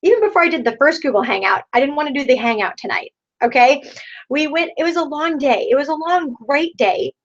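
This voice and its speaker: High-voiced woman giving a rousing pep talk. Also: lively intonation, brisk. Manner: rousing, repeats rhetorical questions. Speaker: sales team leader. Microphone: video call. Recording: dull lo-fi online video call.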